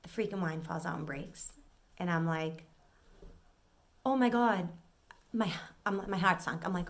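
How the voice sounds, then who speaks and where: A middle-aged vlogger from an Italian-American family tells an exasperated story in a casual rant, acting out what people said. Her voice is fairly low and a little slow, with long pauses, and her manner is animated.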